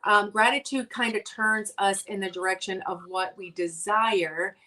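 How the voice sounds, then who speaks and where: A woman's voice: mid-range voice, fairly even intonation, measured pace, sharp tone, far from the mic. A woman guest talking earnestly in a casual conversation, with many ums and restarts. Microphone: video call.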